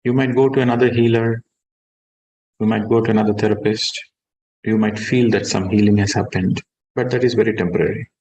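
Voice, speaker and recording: Calm low-voiced meditation teacher. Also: male voice, dull audio. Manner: calm, measured, stresses key words. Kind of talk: guided meditation and spiritual talk.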